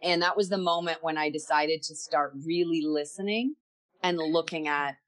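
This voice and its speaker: Low-ish lady guest on a podcast, thinking out loud, candid and reflective. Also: steady tone, moderate pace. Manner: candid, searching, repeats words as she thinks. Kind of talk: reflective interview storytelling.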